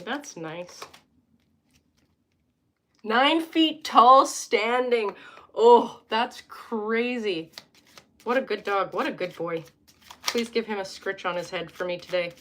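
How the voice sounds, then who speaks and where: A woman's voice: lowish voice, fairly bright tone, slight background noise. A young woman hosting a casual live stream from home, reading tarot cards and chatting with viewers, joking and wandering off into asides.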